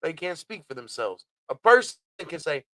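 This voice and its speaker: A man co-hosting a casual podcast, talking loudly with lots of laughter and swearing. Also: a little high, moderate pace, dry recording. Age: adult parent. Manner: loud, laughing, swearing, animated. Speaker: podcast co-host. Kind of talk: casual chat.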